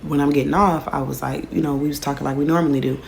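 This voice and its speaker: A woman's voice: deep voice, steady tone, fast, creaky, a little mellow, a little hiss or hum. A young woman telling a casual storytime, slangy and loose, filling her speech with "like" and "whatever".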